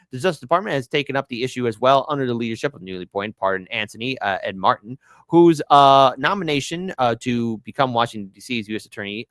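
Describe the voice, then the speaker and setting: A man runs a political commentary show in an exasperated, sarcastic rant and keeps tripping over his own restarts. His voice is bright and forceful, and his pitch leaps and falls all over the place. The sound is dry and close to the mic. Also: no echo. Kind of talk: ranting news commentary.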